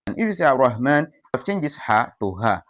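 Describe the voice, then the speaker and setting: A man teaching pronunciation, calmly explaining and posing rhetorical questions as he contrasts correct and incorrect forms. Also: mid-range voice, a little fast, dry recording, clean studio sound. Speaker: Quran recitation teacher. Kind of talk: explanatory lesson with recited examples.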